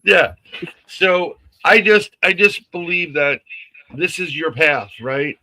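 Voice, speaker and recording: A man whose voice runs on the high side tells a story slowly and casually on a live stream, and the recording is low quality. He's animated throughout, acting out other people's lines and laughing a lot.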